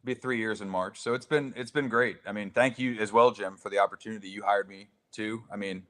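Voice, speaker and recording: A man's voice: lowish voice, fairly even intonation, a little fast, a bit bright. A young man who runs the board for a sports radio show, chatting in an easygoing, laid-back way. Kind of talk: casual radio sports chat. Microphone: studio microphone.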